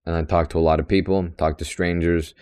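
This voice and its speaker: A man's voice: low-pitched, little pitch movement, brisk, darkish tone, smooth. A young man hosting a solo podcast, talking bluntly and sarcastically in a long, chatty rant. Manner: talkative and extroverted. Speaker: podcast host.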